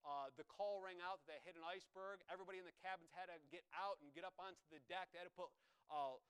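A man's voice: sits high, quick pace, a bit bright, clean tone, low-quality recording. A man preaching a sermon, telling a story with emphasis and repeating phrases for weight.

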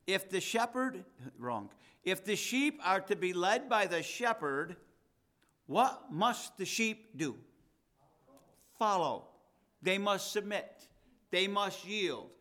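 A man's voice: a little high, pushed and bright. A man, the pastor, preaching a sermon in a conversational way and reading scripture with rising emphasis.

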